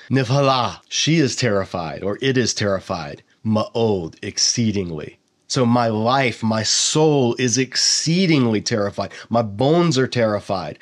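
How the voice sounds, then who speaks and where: A middle-aged man teaching a Bible lesson, sounding out Hebrew words slowly and then speeding through his explanations. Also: mid-range voice.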